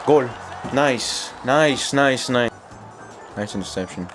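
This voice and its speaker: A young man giving excited live commentary while playing a football video game, cheering his players and laughing often. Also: mid-range voice, slow pace, music in the background. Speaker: gaming YouTuber.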